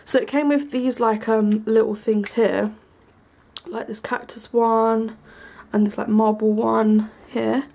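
A young woman giving a casual, rambling tour of her small bedroom, full of ums and likes, sometimes hushed. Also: a little high, fairly even intonation, slow pace, gravelly. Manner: hushed at times so as not to wake her brother. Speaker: vlogger. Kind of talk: casual room tour vlog.

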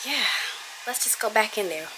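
A woman's voice: mid-range voice, animated, normal speed, noisy background. A teenage girl chatting casually to her vlog audience, rambling with fillers while her family gets ready. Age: teens. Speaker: vlogger.

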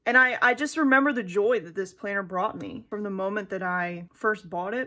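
A woman's voice: medium pitch, moderate pace, hardly any pauses, pushed and bright. Chatty young woman vlogging casually. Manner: chatty, rambling, self-deprecating. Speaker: planner vlogger. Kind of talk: casual vlog chat.

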